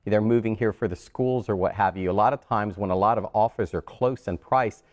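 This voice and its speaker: A man who is a realtor, a guest on a TV talk show, explaining in a relaxed, loose way in a studio. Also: lowish voice, brisk. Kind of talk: TV talk segment.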